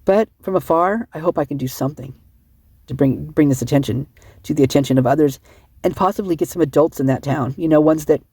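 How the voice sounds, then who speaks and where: Husky, rambling sleep-deprived woman. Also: low-pitched, brisk, warm tone, no echo, clean studio sound. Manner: rambling, many restarts, emotional. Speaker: online commentator. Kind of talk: casual rambling commentary.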